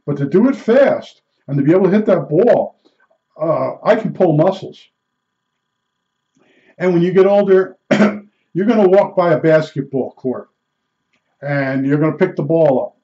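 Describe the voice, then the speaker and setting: A man's voice: on the high side, warm tone, muffled recording. Rambling man in his seventies. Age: 70s. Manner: rambling, self-correcting, conversational. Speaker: retiree telling stories. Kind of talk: rambling personal monologue.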